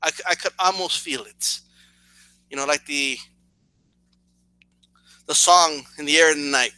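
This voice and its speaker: A man's voice: on the high side, a little slow, bright, forceful tone, clear, resonant tone, no room sound, rough recording. A man hosting a reaction video, talking in a mocking, sarcastic way with frequent stutters and restarts. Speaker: reaction channel host.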